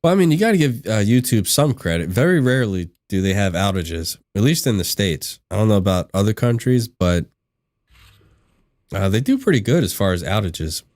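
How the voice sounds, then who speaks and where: Chatty low-voiced man hosting a game stream. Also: expressive, normal speed, a little mellow, dry recording. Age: adult. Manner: chatty, laughs often, reads out chat replies. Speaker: livestream gaming host. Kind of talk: casual chat while gaming.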